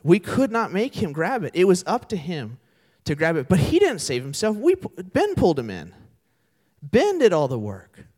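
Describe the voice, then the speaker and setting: Young male pastor, sermon, lively pitch, animated storyteller. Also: normal speed. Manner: animated storytelling with voiced characters. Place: church sanctuary.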